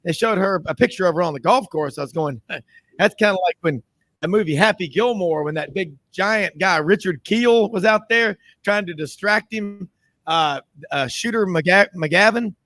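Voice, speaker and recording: A man hosts a sports talk show, his voice a touch high and the sound dry and close. He talks in a chatty, rambling way and laughs easily. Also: moderate pace, sharp tone, no echo.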